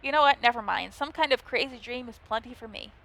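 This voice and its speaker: A woman's voice: on the high side, lively intonation, fast, gravelly, fairly bright tone. A woman hosting a let's play, reading the game's narration aloud and chatting playfully between lines. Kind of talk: gameplay commentary, reading game text aloud.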